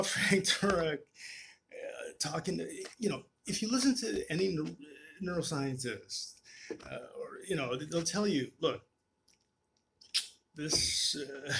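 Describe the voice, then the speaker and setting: A man vents in a loose, exasperated rant, swearing freely and tripping over his own words as he restarts. His voice sits a little high for a man and carries a gravelly fry, with faint noise in the background. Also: fairly bright tone. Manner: profane and exasperated, many restarts. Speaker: vlogger. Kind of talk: casual drinking rant.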